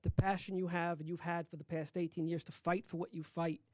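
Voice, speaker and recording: A state labor federation president speaks at a press conference, earnest and grateful in tone. His voice is mellow and warm and the sound is close and dry. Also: fairly high pitch, level tone, fairly quick, dry recording.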